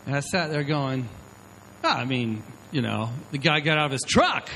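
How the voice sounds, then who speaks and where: A man's voice: medium pitch, lively intonation, moderate pace, bright, forceful tone, a little hiss or hum, low-quality recording. A middle-aged man preaching as a pastor, telling stories in a conversational way and often checking in with "okay?". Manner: conversational storytelling, frequent "okay?" check-ins. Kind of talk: sermon.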